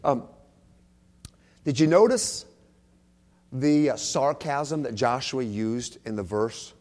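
A man preaching a sermon in a church, emphatic, repeating key phrases and swinging from soft to loud. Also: mid-range voice, slow. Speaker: pastor.

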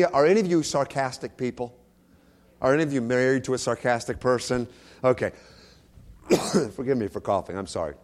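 A man preaching a sermon in a church, emphatic, repeating key phrases and swinging from soft to loud. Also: medium pitch. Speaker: pastor.

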